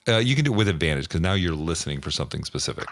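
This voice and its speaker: Low gravelly dude running a tabletop game, stumbly and chill, dry close mic. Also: male voice, rapid-fire, no room sound. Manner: relaxed, stumbling, often laughing mid-sentence. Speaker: game master.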